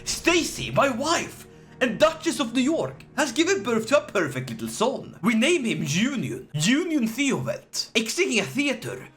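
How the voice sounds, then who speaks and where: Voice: mid-range voice, huge pitch swings, moderate pace, few pauses, faint music behind. A gaming channel host giving scripted, joking narration of a strategy game playthrough. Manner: playful, jokey, does silly voices. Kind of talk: scripted gameplay narration with jokes.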